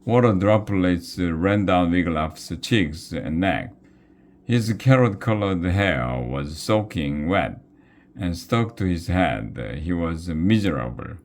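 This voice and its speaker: A man reading a children's novel aloud, slow and careful, with small restarts. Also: deep voice, expressive, darkish tone, slight background noise. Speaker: reader.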